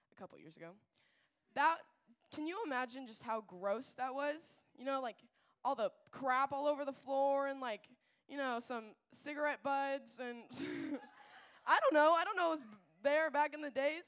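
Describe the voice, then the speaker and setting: A young woman giving a casual faith talk to a group, chatty and animated, full of fillers and asides. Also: sits high, smooth. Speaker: youth speaker.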